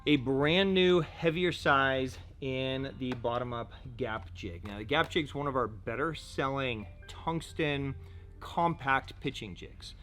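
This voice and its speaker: A man talks through fishing lures in a relaxed showcase, chatty and a little jokey, at a mid-range pitch. Faint music plays softly behind him. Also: takes it slowly. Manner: chatty, joking, full of "so" and "right?". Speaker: fishing tackle shop presenter. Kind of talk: casual product showcase.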